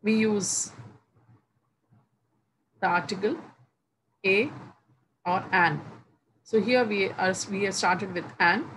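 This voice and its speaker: A woman teaching English grammar, explaining each rule slowly and repeating the example words one by one with pauses between phrases. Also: medium pitch, a bit bright, low-quality recording. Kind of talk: slow, deliberate classroom explanation. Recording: faint background noise.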